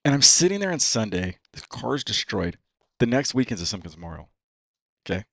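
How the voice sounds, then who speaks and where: A man's voice: lowish voice, big pitch swings, fairly quick, vocal fry, fairly bright tone, dry recording. A man talking as a guest on a podcast, casual and profane, saying "dude" all the time. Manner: profane, says "dude" constantly. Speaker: racing driver guest. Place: podcast studio.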